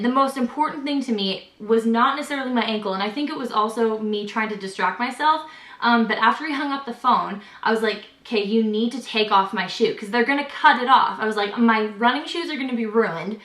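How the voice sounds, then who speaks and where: A young woman telling a story to her camera in a chatty, casual way, acting out each person's lines. Her voice sits a little high. The room around her gives a noticeable echo. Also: a bit bright. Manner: chatty retelling, heavy on "like" and "I was like", acts out quotes. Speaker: vlogger. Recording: roomy echo.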